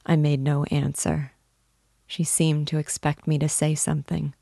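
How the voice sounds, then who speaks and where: Woman reading an old novel out loud, low voice w/ some fry, dry close sound. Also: flat delivery, unhurried, dry recording. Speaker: reader of a classic novel. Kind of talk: audiobook-style literary reading.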